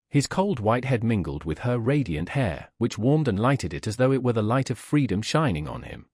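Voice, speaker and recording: A male audiobook narrator reads a classic novel in an expressive, measured way. His voice is husky, with lively pitch that rises and falls. The recording sounds dry and close. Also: dry recording. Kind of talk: scripted narration.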